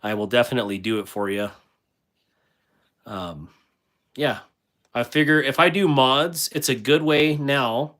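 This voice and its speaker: A man's voice: mid-range voice, fairly bright tone. A man hosting a casual livestream, rambling with many fillers and restarts while he reads viewer comments aloud and answers them. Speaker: livestream host.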